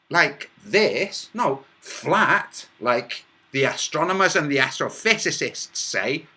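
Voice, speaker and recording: A man with a bright, forceful voice explains his point slowly and deliberately. His pitch swings widely as he jumps between patient demonstration and mocking replies to viewers in his chat. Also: animated. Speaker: livestream host.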